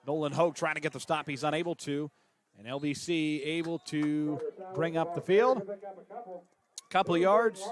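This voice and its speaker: A man calling high school football play-by-play who gets excitable and climbs in pitch on big plays. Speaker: play-by-play announcer.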